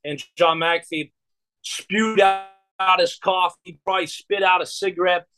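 A man's voice: high voice, fairly even intonation, measured pace, low-quality recording. A man in his forties telling a long personal story as a podcast guest, rambling and repeating words with many fillers.

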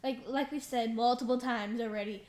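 A woman's voice: a little high, fairly even intonation, moderate pace, darkish tone. A young woman co-hosting a casual podcast, playful and self-described as dramatic. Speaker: podcast co-host. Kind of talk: casual chat.

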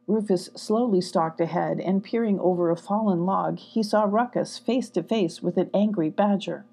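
A woman narrating a children's storybook in a gentle, even storytelling manner. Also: medium pitch, moderate pace, vocal fry, few pauses. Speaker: storybook reader.

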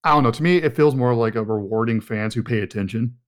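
A man's voice: mid-range voice, fast talker. A man co-hosting a casual movie podcast, rambling with fillers and sidetracks. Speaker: podcast co-host.

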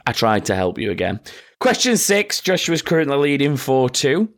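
A man's voice: medium pitch, sing-song, normal speed, fairly bright tone. A man hosting a casual quiz with friends, reading out questions and making sarcastic, sweary asides. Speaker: quizmaster.

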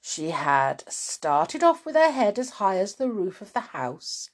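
Expressive woman reading a children's storybook. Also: medium pitch, a little slow, few pauses. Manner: expressive, dramatic narration. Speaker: storybook reader.

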